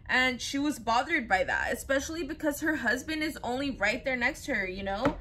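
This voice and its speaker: A woman's voice: high voice, animated, brisk, bright, forceful tone. A young woman casually retelling a true crime story, chatty and loose, full of fillers, briefly acting out what people said. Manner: chatty, filler-heavy, acts out quotes loosely.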